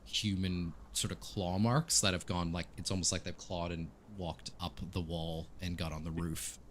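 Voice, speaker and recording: A man's voice: sits low, level tone, moderate pace, a bit bright, slight background noise. A man narrating as game master in a tabletop game, hesitant, with many fillers and self-corrections.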